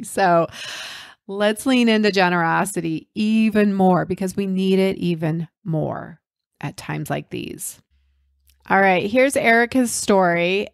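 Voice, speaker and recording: A woman's voice: lowish voice, no room sound. Encouraging woman podcast host, dry sound. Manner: encouraging, coaching tone. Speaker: podcast host and business coach. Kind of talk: podcast introduction monologue.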